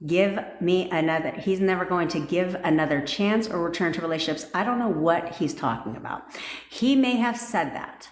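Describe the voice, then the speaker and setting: A woman's voice: lowish voice, lively intonation, moderate pace. A woman manifestation coach giving a blunt, profanity-laced pep talk on a live stream. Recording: echoey room.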